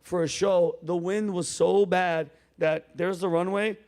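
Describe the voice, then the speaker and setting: A male comedian hosting a show, telling stories in a casual chat with loud, animated acted-out quotes. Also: sits high, unhurried. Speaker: comedian host.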